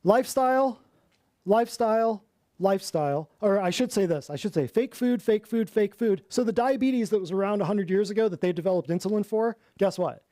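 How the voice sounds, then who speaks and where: A man's voice: high voice, fairly quick, hardly any pauses, warm tone, dry recording, clean studio sound. A man hosting a health podcast in a sarcastic, mocking monologue, repeating words for emphasis. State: winded. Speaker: podcast host.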